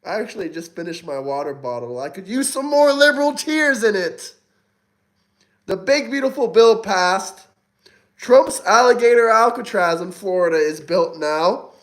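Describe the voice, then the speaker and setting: A young man chats casually on his livestream and answers viewers one by one. His voice sits fairly high, and his manner is mocking and taunting, with plenty of swearing. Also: lively intonation, normal speed. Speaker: livestream host reading chat.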